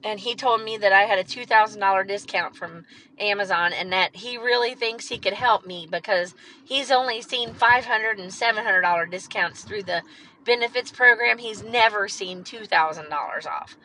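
Bright and forceful at a medium pitch and moderate pace, this woman chats casually on her own podcast, meandering openly, using fillers, and swearing now and then. The low-quality recording carries a bit of hiss or hum.

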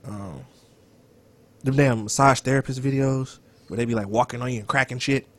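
Loud, profane man on a podcast. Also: mid-range voice, normal speed. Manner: loud, animated and profane, drops into whispers. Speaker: podcast co-host. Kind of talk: casual chat.

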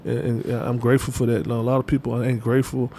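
A man chatting casually as an interview guest. He talks quickly in loose slang, full of fillers and restarts. His voice is dark and mellow, over a faint low rumble. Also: level tone. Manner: loose, repetitive street slang with many fillers. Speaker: interview guest, artist manager.

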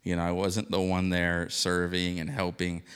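A man with a low, resonant voice warms up his congregation, joking and bursting into shouts and call-and-response. The sound carries the long reverb of a church sanctuary, picked up on a stage microphone. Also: completely flat delivery, moderate pace, clean tone. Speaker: pastor. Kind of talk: lively church welcome and introduction. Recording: live church hall reverb.

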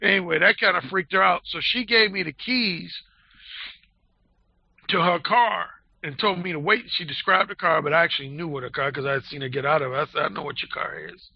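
Crude blunt guy telling a story, fried gravelly voice, a bit high. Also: a little fast, no room sound. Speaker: dating advice guest. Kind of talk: casual storytelling. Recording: dull lo-fi audio.

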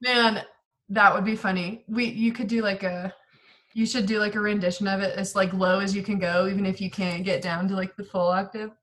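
A woman's voice: mid-range voice, fairly even intonation, a little fast, a bit bright. A woman, a local actress, chatting casually on a podcast in a bubbly way with lots of fillers. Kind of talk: casual chat.

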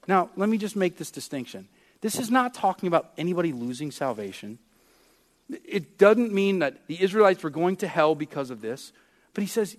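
A man preaching a sermon as pastor, impassioned, with big swings in pitch and loudness as he acts out prayers and scripture. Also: expressive, moderate pace.

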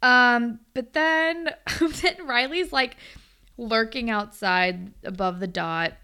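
Bright-voiced young woman, chatty. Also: a little high, slow, clean tone. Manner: chatty, swears often, laughs a lot. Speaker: podcast co-host. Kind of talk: casual recap chat.

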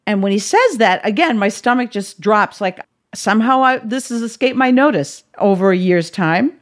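A woman's voice: mid-range voice, lively intonation, unhurried. Woman telling a dramatic personal story. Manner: vivid, dramatic storytelling, acting out her own panicked pleas. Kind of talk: personal story told to an audience.

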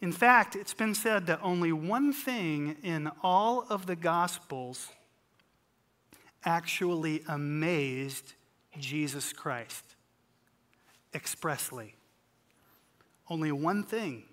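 Slow, bright-voiced preacher. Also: mid-range voice, animated. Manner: dramatic, acts out scripture scenes, swings loud and soft; humorous asides. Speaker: pastor. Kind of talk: sermon.

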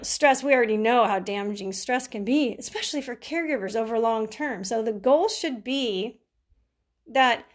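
Middle-aged woman, caregiver, casual advice talk, chatty, laughs often, voice sits a bit high. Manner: chatty, laughs often, acts out quoted people.

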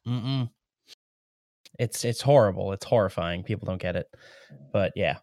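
A man with a low voice reasons through an idea at length in relaxed conversation. He is recorded close, with a dry, dead sound. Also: a little slow, no echo. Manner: thoughtful, explaining ideas at length. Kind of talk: casual podcast chat.

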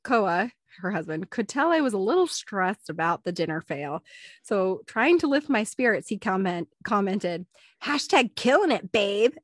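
A woman's voice: mid-range voice, moderate pace, dry recording, clean studio sound. A young woman co-hosting a casual podcast, reading listener stories and acting out quotes with lots of laughter. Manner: giggly, animated storyteller acting out quotes. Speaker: podcast co-host.

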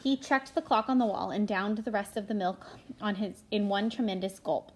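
A woman narrating a children's novel aloud in an expressive reading style, with small slips and restarts. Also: medium pitch, moderate pace, husky, rough recording. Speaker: audiobook narrator.

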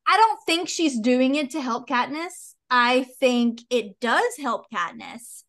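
A young woman casually chatting about a book with friends, excitable and quick to swear, with big animated reactions. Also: high-pitched. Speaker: podcast co-host. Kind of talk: casual book club chat.

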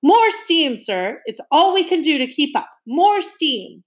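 A woman voicing a gruff, bellowing older male sea captain in an audiobook reading. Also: fairly high pitch, sing-song, normal speed. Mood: blustering. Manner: loud, blustering, barking orders.

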